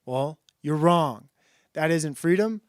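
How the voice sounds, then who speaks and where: A man's voice: a little high, lively intonation, slow pace, clear, resonant tone, dry recording, studio quality. A man voicing a domineering male ape from a storybook, drawing out his sneering lines. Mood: scornful.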